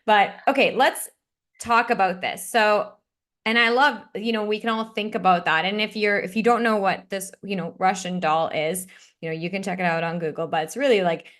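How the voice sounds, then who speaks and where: A woman's voice: mid-range voice, steady tone, moderate pace, a bit bright. A woman hosting a podcast, chatty and enthusiastic, speaking directly to her listeners. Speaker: podcast host. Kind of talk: casual interview chat.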